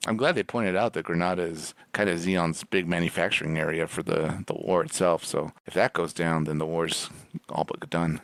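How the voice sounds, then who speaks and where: A man's voice: low-pitched, fairly even intonation, normal speed, a bit bright, no echo. A man co-hosting a casual podcast, giving thoughtful, hedging commentary full of filler words. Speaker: podcast co-host.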